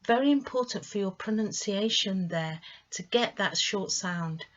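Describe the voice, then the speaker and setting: Woman tutor for a pronunciation lesson: slow, deliberate delivery, slightly dull lo-fi audio. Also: medium pitch. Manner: slow, clear, encouraging teacher delivery with careful emphasis on sounds. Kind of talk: online teaching lesson.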